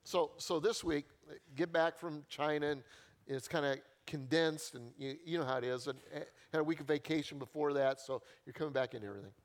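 A man with a fairly high-pitched voice preaching a sermon. He talks in a loose, conversational way, telling stories with self-deprecating humor. He repeats key lines to drive them home. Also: brisk. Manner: repeats key phrases for emphasis. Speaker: pastor.

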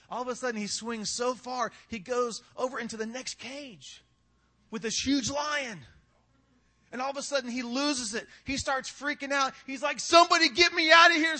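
A man's voice: sits high, pushed and bright. A male pastor preaching a sermon in a casual, conversational way, tossing in rhetorical questions and humor.

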